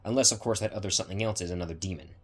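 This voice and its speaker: A teasing half-vampire demon woman, easygoing and matter-of-fact, as a man reads her lines. The voice sits very low and sounds a little husky. It is read as a fan story. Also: very fast. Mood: explaining.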